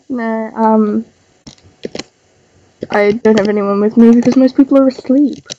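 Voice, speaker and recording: On a livestream, a young Australian artist chats casually while drawing, nasal and stuffy from a cold. She takes it slowly in a warm voice on the high side. Recorded on a desk microphone, the audio has its highs cut off and slight background noise.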